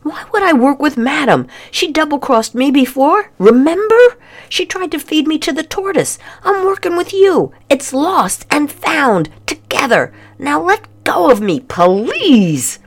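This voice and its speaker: Woman playing a scheming girl, whiny, pleading, high-pitched, storybook reading. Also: animated, unhurried. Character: pushy pink-haired girl, defensive and scheming.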